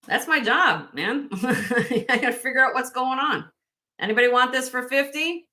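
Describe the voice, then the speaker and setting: A woman's voice: high voice, expressive, moderate pace, sharp tone. A woman hosting a casual live-stream jewelry sale, chatty and self-correcting, laughing often as she shows pieces to viewers.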